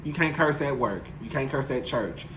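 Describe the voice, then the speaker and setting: A man's voice: medium pitch, lively intonation, moderate pace, a bit bright, a little hiss or hum. A man chatting candidly and emotionally to his viewers in a casual, profane vlog, speaking from his apartment. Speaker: YouTube commentator. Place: home apartment. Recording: roomy echo.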